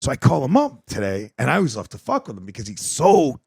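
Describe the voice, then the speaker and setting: A man hosting a podcast, telling a story in a profane, animated way and acting out both sides of the quoted conversations. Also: mid-range voice, fast talker, gravelly, breathy edge, no room sound. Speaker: podcast host. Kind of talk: casual chat.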